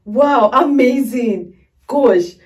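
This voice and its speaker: A tearful woman gushes to her viewers in a reaction vlog, repeating her praise over and over. Her voice sits a little high for a woman. She is picked up from slightly back from the microphone. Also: expressive, very slow, a little mellow, distant mic. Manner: effusive, repeats exclamations, keeps calling viewers "guys". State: tearful, crying. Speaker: music reaction video host.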